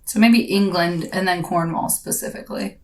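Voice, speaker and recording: A woman hosting a podcast in casual chat, talkative and quick to laugh as she reads listener questions. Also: fairly low pitch. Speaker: podcast host.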